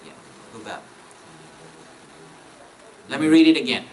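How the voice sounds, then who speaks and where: A man teaching a grammar class, repeating each point, checking in with students and reciting verses quickly. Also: medium pitch, poor audio. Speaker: Arabic teacher.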